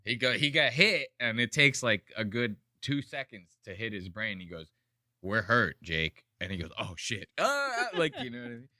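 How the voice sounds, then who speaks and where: Male podcast host, crude and animated, bright forceful voice, dry close studio sound. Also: mid-range voice, brisk, hardly any pauses, no room sound. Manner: crude, animated, mocking impressions. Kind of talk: casual chat reacting to fight clips.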